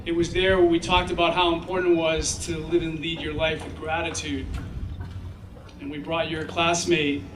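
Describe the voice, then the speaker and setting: A man giving a graduation speech as the guest speaker, telling stories in an animated way and acting out the children's voices. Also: fairly high pitch, moderate pace, noisy background. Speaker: commencement speaker. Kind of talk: ceremonial speech with storytelling. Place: graduation ceremony. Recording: echoey sound from far off.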